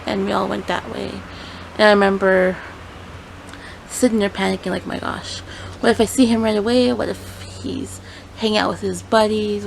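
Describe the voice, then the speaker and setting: A young woman talking casually and rambling through a storytime vlog, with lots of fillers and self-corrections. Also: medium pitch. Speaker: vlogger. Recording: clear background noise.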